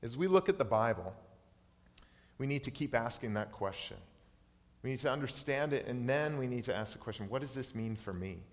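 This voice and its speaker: A man's voice: mid-range voice, animated, fairly quick, pauses often. A man in his thirties preaching a sermon as pastor, earnest, personal and reflective. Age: 30s. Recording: long hall reverb.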